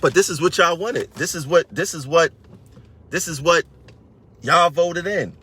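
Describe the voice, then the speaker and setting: A man's voice: a little high, measured pace, pushed and bright, a little hiss or hum. A man, a transit union member, ranting on a live stream to his viewers in a combative way and repeating phrases for emphasis.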